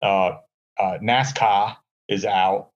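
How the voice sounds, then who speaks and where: A man's voice: on the low side, steady tone, takes it slowly, highs cut off. A man on a podcast, chatting casually and sarcastically with lots of fillers, from a hotel room. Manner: rambling, sarcastic, many fillers. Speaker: podcast co-host. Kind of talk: casual chat.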